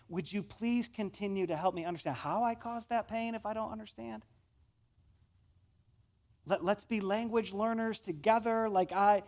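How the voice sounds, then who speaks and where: Man, pastor, West Michigan accent, high voice, conversational sermon, repeats words, swings from loud to soft.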